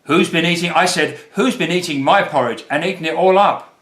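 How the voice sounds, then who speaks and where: A man voicing a small boy bear cub in a storybook reading, squeaky and shrill. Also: a little fast, a bit bright, lightly acted. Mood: upset. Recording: roomy echo.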